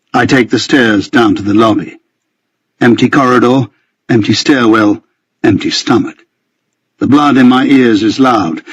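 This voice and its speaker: A man with a husky voice narrating a first-person novel in a measured storytelling manner. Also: mid-range voice, no echo, highs cut off. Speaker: audiobook narrator.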